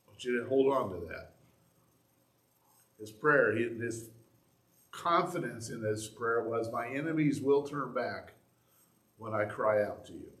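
A man's voice: medium pitch, fairly bright tone, echoey room. A man, a pastor, preaching a sermon in a conversational, earnest way, teaching from the Bible.

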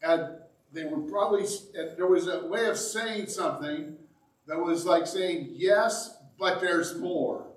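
A man preaching a sermon as pastor, dramatic and animated, reading scripture aloud and acting out the quoted lines. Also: on the high side, measured pace. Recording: roomy sound, mic at a distance.

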